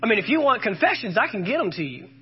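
A man's voice: sits high, very animated, fast talker, husky, lo-fi sound. A man preaching a sermon, quoting scripture with emphasis and calling out questions to the congregation.

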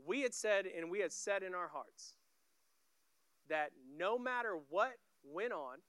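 A man's voice: sits high, animated, measured pace, fairly bright tone, clean tone, no room sound. A man giving a sermon as a guest pastor, telling stories conversationally in short clipped phrases.

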